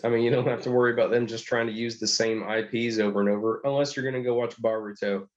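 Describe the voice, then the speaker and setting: A man's voice: medium pitch, fairly even intonation, fast talker, muffled recording. A man co-hosting a casual podcast, wry and laid-back in his banter. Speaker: podcast co-host. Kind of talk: casual chat.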